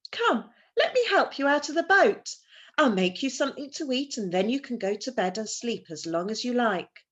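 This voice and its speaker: A kind, motherly old woman, as a woman puts her on coaxes in a soothing, lilting voice. Her tone rises high and gentle. A storybook caretaker. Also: sing-song, normal speed. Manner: soothing, coaxing.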